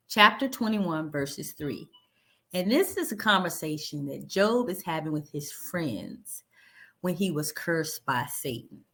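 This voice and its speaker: A woman leading a Bible study, reading verses aloud and explaining them in a conversational, animated way. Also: on the low side. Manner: animated, conversational, laughs lightly, paraphrases verses in everyday speech.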